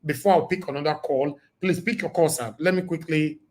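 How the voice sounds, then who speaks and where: Emphatic Nigerian man, high voice. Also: fairly quick. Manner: emphatic, preachy, repeats himself. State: losing his voice. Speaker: livestream show host. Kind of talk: casual livestream talk with call-ins.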